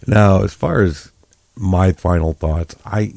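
A man co-hosting a movie podcast with a very deep, gravelly voice that sounds dark and mellow. He talks in a casual, laid-back way with dry, wry understatement. The sound is close and dry. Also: takes it slowly, dry recording. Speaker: podcast co-host. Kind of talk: casual movie review chat.

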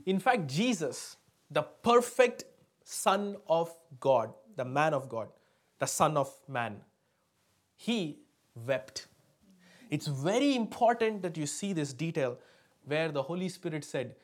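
A male pastor preaching a sermon to a live congregation, emphatic, often asking them to answer back and swinging between loud stresses and soft asides. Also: fairly high pitch, sing-song, slow.

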